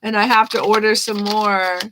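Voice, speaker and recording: A woman's voice: mid-range voice, steady tone, moderate pace, noisy background. A woman giving live-stream tarot readings, chatting casually with viewers, thanking them by name and laughing often. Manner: chatty, reads chat names aloud, laughs often. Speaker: tarot reader.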